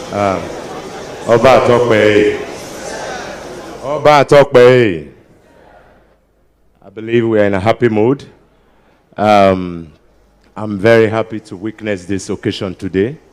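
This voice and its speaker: A man's voice: fairly low pitch, fairly even intonation, measured pace, long pauses, a little mellow, slight background noise. A man with a Nigerian Pidgin-inflected accent doing live stand-up banter as a comedian emcee at a ceremony, coaxing the crowd to applaud. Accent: Nigerian Pidgin-inflected English. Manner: jokey, switching into Pidgin, drawing applause.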